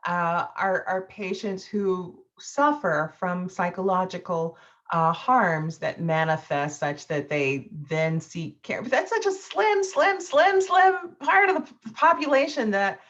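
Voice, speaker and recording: A woman's voice: medium pitch, takes it slowly, a bit bright, muffled recording. A woman law professor giving an impassioned lecture, telling a story with rising emphasis.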